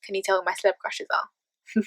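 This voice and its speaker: A young English woman chats through vlog tag questions in a playful, talkative way, laughing easily between answers. Her voice sits at an ordinary middle pitch. It is recorded close and dry, with no room sound. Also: level tone, moderate pace, a bit bright, dry recording. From England. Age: 20s. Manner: chatty, playful, laughs often. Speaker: vlogger.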